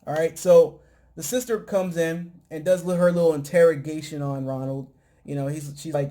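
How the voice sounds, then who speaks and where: A man's voice: fairly high pitch, steady tone, moderate pace, dark tone. A man hosting a casual talk show, recapping episodes in a loose, rambling way full of fillers. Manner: mimics cast lines in quoted bits. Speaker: podcast host.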